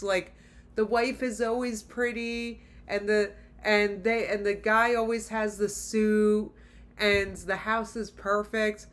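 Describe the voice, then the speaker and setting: A woman's voice: medium pitch, level tone, takes it slowly. A woman hosting a reaction video, talking straight to her viewers in blunt, exasperated casual commentary.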